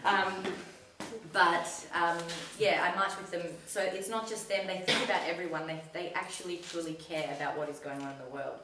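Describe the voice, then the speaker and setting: A woman telling a personal story in a casual talk to an audience, chatty and animated when she quotes herself. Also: lowish voice, a little fast, few pauses, background noise. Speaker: community talk speaker. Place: community centre hall. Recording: echoey hall recorded from a distance.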